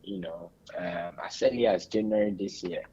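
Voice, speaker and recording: A man with a Ghanaian accent, a radio interview guest giving measured, explanatory answers. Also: low-pitched, mellow, lo-fi sound.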